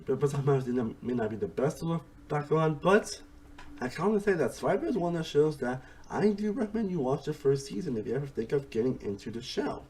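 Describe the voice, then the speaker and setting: Animated rambling man reviewing a show. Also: on the high side, quick pace, a little hiss or hum. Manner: rambling, often repeats "honestly" and "again"; restarts sentences mid-thought. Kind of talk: casual spoken review.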